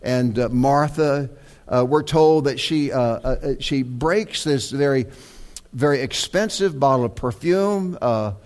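A man preaching a sermon, talking in a conversational, halting way with many fillers and repeated words, then rising to emphatic peaks. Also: mid-range voice, a little mellow.

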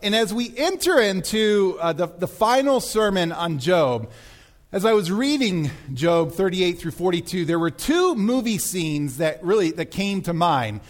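A man's voice: high voice, lively intonation, a little slow. A man preaching a sermon as pastor, telling stories animatedly and acting out film scenes.

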